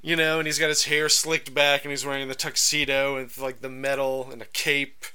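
Bright, clear-voiced male podcast host. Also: medium pitch, moderate pace. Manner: animated, rambling storyteller. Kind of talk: casual chat.

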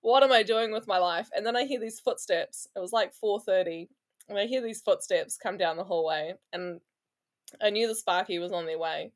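A woman with a New Zealand accent tells work stories in a casual interview. She is animated and funny and builds each anecdote with plenty of energy. Her speaking pitch sits in an ordinary middle range. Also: moderate pace. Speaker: plumber, podcast guest.

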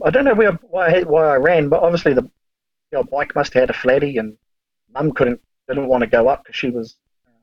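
A man's voice: mid-range voice, dry recording, muffled recording. A man, a podcast guest telling long, rambling stories in casual chat, swearing freely and full of fillers.

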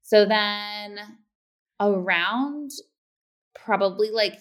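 A woman in her thirties, a podcast co-host chatting casually and acting out quoted lines with sudden pitch jumps. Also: extremely slow. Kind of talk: casual chat.

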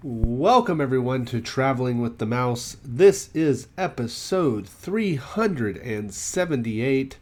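A man's voice: medium pitch, lively intonation, slow pace, hardly any pauses, darkish tone, faint music behind. Chatty male podcast host. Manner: chatty, wry about price hikes. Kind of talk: casual podcast chat.

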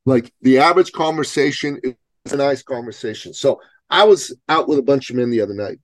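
A man's voice: mid-range voice, lively intonation, fairly quick, dry recording. Blunt, profane man with a dry sound. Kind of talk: casual podcast conversation. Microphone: remote video call.

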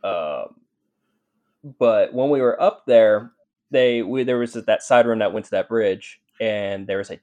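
A man's voice: fairly low pitch, a little slow, darkish tone, lo-fi sound. A man, a paranormal investigator, telling his stories as a podcast guest in a rambling way, full of fillers and restarts. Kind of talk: casual storytelling in a podcast interview.

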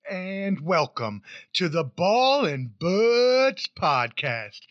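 A high-voiced man hosts a casual sports podcast, joking and animated, swinging from fast rambling runs to sudden loud whoops. His voice is dry and close, with slightly muffled sound. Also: no room sound. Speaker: podcast host.

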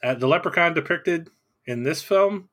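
A man's voice: fairly high pitch, normal speed. A man co-hosting a casual film podcast, talking loosely with many fillers. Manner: relaxed, hesitant, filler-heavy. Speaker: podcast co-host.

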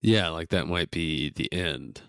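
A young man co-hosting a casual podcast, speaking slowly with a smooth, clear voice. He jokes around and laughs often. The sound is dry and close. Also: low voice, a bit bright, no room sound. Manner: laughs often, jokey impressions. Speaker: podcast co-host. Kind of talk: casual chat.

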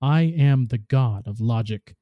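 A man reading aloud as a ruthless, boastful female war god, in a slow, solemn recital. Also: mid-range voice, no room sound, dull audio, natural voice. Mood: grim, solemn.

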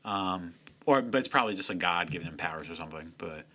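Male podcast co-host, gushing and animated, bright tone. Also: low voice, fast talker. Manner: excitable, gushing, swears. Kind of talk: casual chat.

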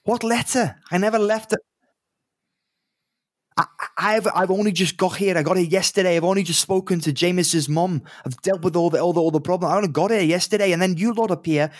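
A man's voice: high voice, fairly quick, no echo, clean studio sound, voice pushed up, natural voice. A man voicing a jumpy, foul-mouthed young male innkeeper who snaps and swears. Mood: flustered. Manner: swears constantly, snappy and flustered.

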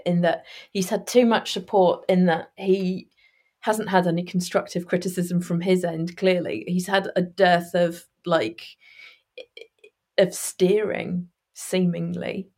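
A woman from Norfolk co-hosting a casual football podcast, speaking in a measured, wordy, wry way. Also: lowish voice, darkish tone. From Norfolk, England. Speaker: podcast co-host.

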